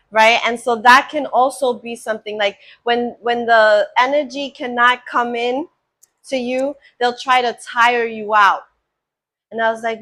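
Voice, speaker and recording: Woman card reader, higher pitch, unhurried, earnest, affirming spiritual tone. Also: fairly even intonation, sharp tone. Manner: slow, earnest and affirming, often checks in with "right?". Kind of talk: spiritual oracle card reading.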